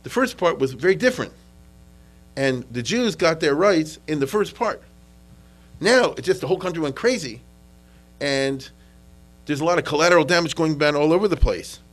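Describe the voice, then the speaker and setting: A man's voice: fairly high pitch, animated, normal speed, long pauses, low-quality recording. A man giving an informal history lecture in a conversational way, often checking that listeners follow and repeating words as he restarts. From United States. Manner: conversational, checks in with "okay?" and "you understand?"; frequent restarts and repetitions.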